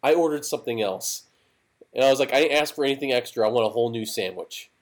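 Young man, student, casual chat, easygoing, quick to laugh. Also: mid-range voice.

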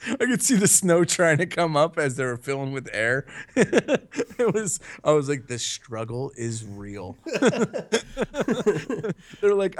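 A man's voice: a little high, very animated, slow pace. A young man in casual chat, rambling and swearing, laughing often as he talks.

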